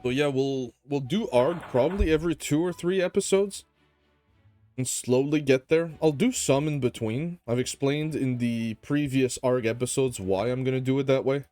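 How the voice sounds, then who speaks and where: A man's voice: medium pitch, moderate pace, warm tone, dry recording. A worn-out man hosts his gaming video, talking loosely about his day and his plans. His voice is sleepy and easygoing, with a joking, rambling way of talking. Faint music plays underneath. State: tired. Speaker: gaming channel host. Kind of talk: casual gameplay commentary.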